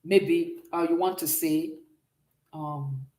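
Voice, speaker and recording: A woman's voice: sits low, steady tone, takes it slowly, mellow, echoey room. A woman teaching a beginners' French class, explaining step by step and often checking that her students follow. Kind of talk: classroom lesson.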